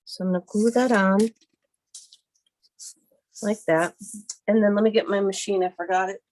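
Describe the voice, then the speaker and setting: A woman hosting a live card-making tutorial from her home craft desk, chatty and rambling as she thinks aloud, her voice a little hoarse from a cough. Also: medium pitch, steady tone, moderate pace, darkish tone. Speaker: card-making livestream host. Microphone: computer webcam mic at her desk.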